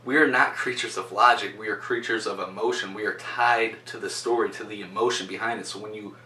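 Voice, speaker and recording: A man giving an instructional talk on presentation skills, speaking directly and shifting his loudness for emphasis. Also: on the low side, steady tone, brisk. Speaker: presentation coach. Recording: roomy sound from a distance.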